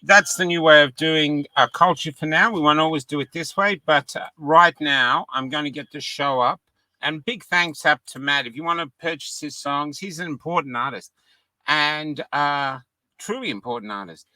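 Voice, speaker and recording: A man's voice: on the high side, moderate pace, sharp tone, no room sound, rough recording. A tired male host chatting and wrapping up a show, often stumbling and repeating words. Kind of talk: casual interview chat.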